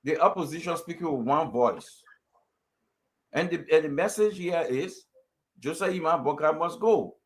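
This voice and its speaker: A man pushes his point in a heated debate and repeats his slogan over and over. His voice sits fairly high. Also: moderate pace, roomy sound. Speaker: opposition guest. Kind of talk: heated talk show debate.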